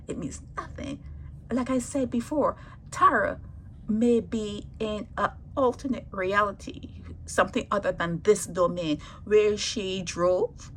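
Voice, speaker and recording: A woman vlogger delivering an impassioned monologue to her viewers, preachy and emphatic, repeating her points and swinging between loud stresses and hushed asides. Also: medium pitch, a little hiss or hum, rough recording.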